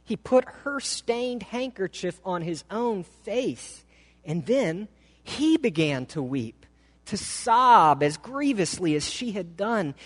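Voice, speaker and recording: A man preaching in a church, telling a story slowly and with feeling. His voice sits fairly high for a man, and each phrase is drawn out with deliberate pauses. A long hall reverb hangs on every word. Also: lively intonation. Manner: dramatic, slow, emotive reading. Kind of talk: sermon storytelling. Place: church sanctuary.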